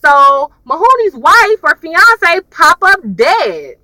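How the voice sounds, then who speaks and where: A woman with a high voice rambling casually through a TV episode review while driving in her car, often saying "y'all". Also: takes it slowly, dry recording, poor audio. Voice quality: high voice, especially when excited. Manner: chatty and rambling, laughs often, says "y'all".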